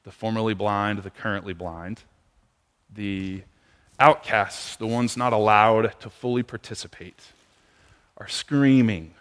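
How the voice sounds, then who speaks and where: A man preaching a sermon in a conversational way, moving between hushed, quiet passages and near-shouted ones. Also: lowish voice, steady tone, measured pace, clear, resonant tone. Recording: long reverb of a large hall.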